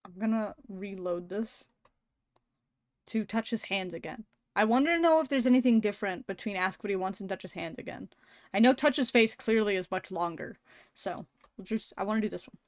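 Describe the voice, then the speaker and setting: A woman live-streaming a story game, reading along and chatting, animated, laughing often and swearing casually. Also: medium pitch, fairly quick, dry recording, studio quality.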